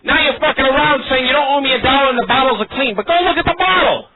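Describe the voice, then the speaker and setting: A man's voice: very high-pitched, rapid-fire. A man putting on an aggravated, foul-mouthed beer customer in a prank phone call, blustering and stammering. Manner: blustering, swearing, stammering restarts. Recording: tinny phone line with loud crowd noise.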